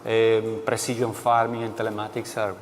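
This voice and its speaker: A man of ordinary pitch answers interview questions as a company executive, slowly and deliberately with many fillers. The echo of a large hall lingers on his words. A faint background hum sits underneath. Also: monotone. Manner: measured, with many pauses and fillers.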